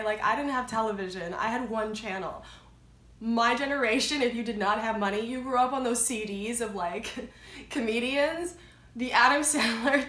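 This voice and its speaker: A woman's voice: fairly high pitch, bright, forceful tone. A young adult woman vlogging a casual movie review, chatty and rambling, with lots of filler words. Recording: echoey room.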